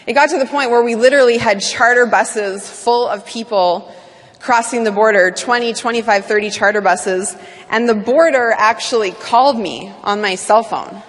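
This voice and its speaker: A woman's voice: a little high, normal speed. Upbeat Canadian woman in a reverberant hall. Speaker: business speaker. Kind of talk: speech to an audience.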